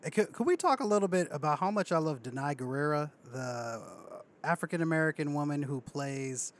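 Animated man with a lively voice. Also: a little high, brisk. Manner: animated, acts out movie lines with laughs. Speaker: podcast co-host. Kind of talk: casual chat.

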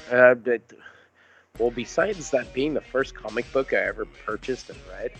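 A man's voice: medium pitch, faint music behind. A man in a casual podcast chat, cursing freely and restarting sentences. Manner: swears freely, halting with restarts. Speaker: podcast co-host.

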